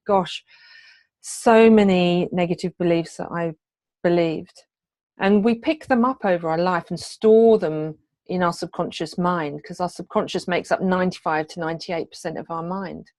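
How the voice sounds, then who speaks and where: A middle-aged woman, a hypnotherapist and wellness coach, gives a personal testimony in a coaching video. Her voice sits on the low side with a darkish tone at normal speed, free of room sound. She tells her story earnestly and from the heart, hesitating often.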